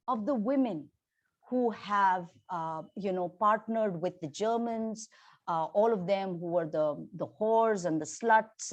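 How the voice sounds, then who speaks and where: A woman's voice: on the high side, a little mellow. A woman casually retelling a novel's plot in a conversational way, full of fillers like "um" and "you know". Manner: conversational, with frequent fillers and restarts. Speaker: book reviewer.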